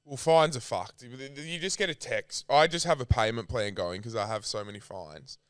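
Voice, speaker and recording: A man's voice: mid-range voice, moderate pace, clear, resonant tone, no echo, clean studio sound. An Australian man co-hosting a podcast, bantering in a laid-back, sweary way. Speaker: podcast co-host. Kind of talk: casual chat.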